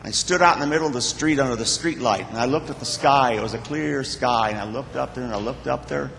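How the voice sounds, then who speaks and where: An older man stands before a church congregation and tells his own story in a plain-spoken, heartfelt way, often pausing and restarting. His voice sits at an ordinary pitch for a man. It rings through the long reverb of a church hall. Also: vocal fry, a bit bright, slight background noise. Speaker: church member giving a talk to the congregation. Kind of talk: personal testimony.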